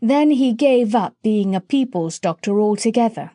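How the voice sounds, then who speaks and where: Woman reading a kids' audiobook, lively up-and-down voice, mellow tone, dry close sound. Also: fairly high pitch, normal speed, no room sound. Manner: expressive, storytelling. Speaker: audiobook narrator. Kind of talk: storybook narration.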